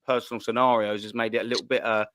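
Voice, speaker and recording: A man's voice: mid-range voice, level tone, racing, fairly bright tone, no room sound, clean studio sound. A man with a London accent chatting casually on a video call, rambling through travel stories and swearing now and then. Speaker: guest on a fan show. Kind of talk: casual chat.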